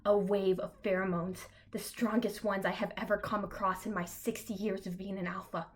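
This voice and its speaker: A young woman reads her own comic story aloud in a flat, deadpan voice. Now and then she stops for dry asides of her own. Her delivery stays even and understated. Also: mid-range voice, normal speed. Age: young adult. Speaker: reader of her own fan fiction.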